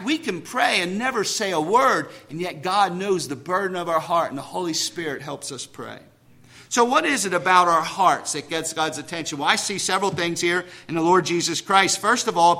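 A man's voice: high voice, bright, forceful tone. A man preaching a sermon to a congregation in church, conversational, asking questions and joking about himself. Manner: self-deprecating humor.

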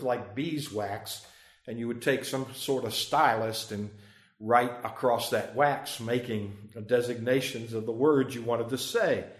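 A man leading a Bible study, emphatic, slowing down to stress key phrases, chuckling often and putting questions to the group. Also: medium pitch, roomy sound. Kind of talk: interactive Bible study teaching.

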